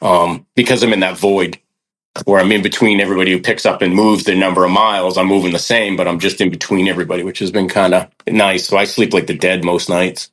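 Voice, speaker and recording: A man's voice: low voice, fast talker. A man casually telling a long hiking story on a podcast, acting out the people he quotes. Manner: animated, acts out quoted people. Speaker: hiker guest on a podcast.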